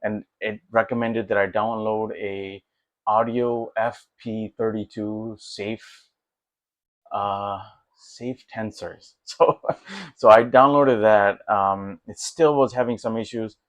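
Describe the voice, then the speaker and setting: Guy on a tech vlog, lowish voice, rambly and easygoing, lots of ums, dry close sound. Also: takes it slowly, no echo. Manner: rambling, many fillers and restarts; excited, easygoing. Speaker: tech vlogger. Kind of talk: casual walkthrough commentary.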